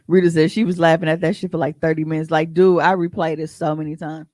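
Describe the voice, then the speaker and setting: A podcast co-host telling stories in a casual, profane and animated way, often breaking into laughs. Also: mid-range voice, brisk, no echo. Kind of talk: casual storytelling chat.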